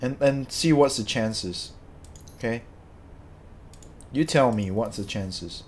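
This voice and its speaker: A man's voice: mid-range voice, takes it slowly, slight background noise. Angry swearing man ranting. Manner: angry, swearing, repeats himself. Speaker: streamer. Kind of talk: ranting game commentary to chat.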